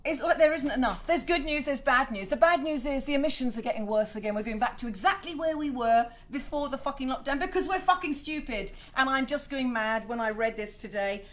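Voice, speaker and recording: A middle-aged woman hosting her own home video show, chatty and swearing freely with animated asides. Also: high-pitched, brisk, few pauses. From Wales. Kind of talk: casual home video chat. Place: home, indoors.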